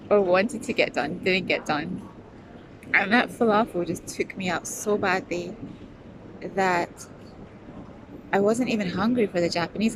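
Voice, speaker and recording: A middle-aged woman from the UK, chatting casually to her phone camera as a travel vlogger, rambling and talking to herself between laughs. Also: mid-range voice. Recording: noisy outdoor recording with traffic.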